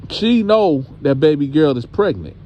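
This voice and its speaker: A man's voice: a little high, sing-song, measured pace, dull audio. A man hosting a channel, telling a story casually and addressing his audience directly.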